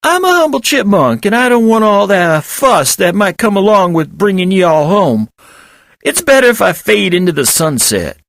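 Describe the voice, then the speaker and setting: A humble young male chipmunk speaks up in an earnest, reassuring way, as a man reading the story puts him on. His voice sits well above a grown man's ordinary pitch. This is a storybook reading. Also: sing-song, moderate pace, creaky, a bit bright, dry recording, full character voice. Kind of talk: audiobook character voice.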